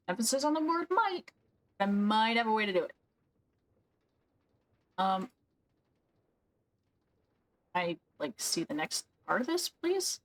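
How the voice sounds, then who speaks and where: A woman's voice: fairly high pitch, sing-song, measured pace, long pauses, a bit bright. A woman streaming a game, thinking aloud and questioning herself as she works through a problem. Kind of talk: casual gameplay commentary.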